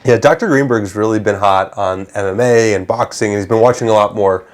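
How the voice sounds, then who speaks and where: Lowish-voiced man explaining skin care. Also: brisk. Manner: explanatory, fluent, teasing. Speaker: dermatologist co-host. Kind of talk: casual medical chat.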